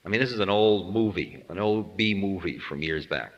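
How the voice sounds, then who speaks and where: A man giving a humorous spiritual talk as a teacher, playful and quick to act out little scenes. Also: low voice, lo-fi sound. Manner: playful, acts out voices in anecdotes. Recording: long hall reverb.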